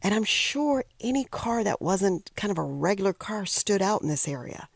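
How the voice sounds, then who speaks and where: A middle-aged woman tells a personal story in a reflective, emotional way. Her voice carries a heavy, gravelly fry. She often pauses and sometimes drops to a near whisper, recorded close and dry. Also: medium pitch, big pitch swings, dry recording. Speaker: podcast host telling a personal story.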